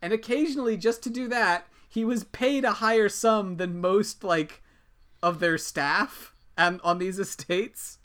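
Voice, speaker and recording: A man's voice: high-pitched, unhurried, a bit bright. A man hosting a podcast, dryly explaining a history story in a casual, amused way. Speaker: podcast host.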